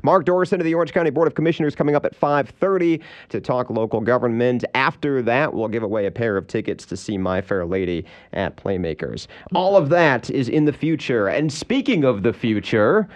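A man hosts a local radio talk show in a relaxed, joking way. His voice is mid-pitched and easygoing, with plenty of loose fillers as he chats. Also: brisk, few pauses. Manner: casual, joking, many uh fillers. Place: radio studio.

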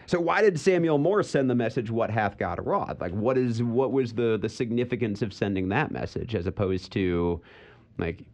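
A man's voice: medium pitch, darkish tone. A man hosting a radio show, asking questions with joking asides. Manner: joking, quick banter. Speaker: radio host. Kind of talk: casual radio chat.

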